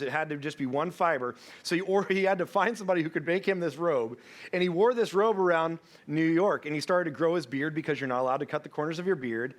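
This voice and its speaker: A pastor preaching a sermon tells a humorous story and acts out the voices of the people in it. His voice is fairly high-pitched and a bit bright.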